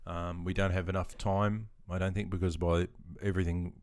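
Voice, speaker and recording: An Australian man streaming live, chatting casually in a relaxed, rambling way with frequent ums and chuckles. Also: deep voice, moderate pace, no room sound, studio quality.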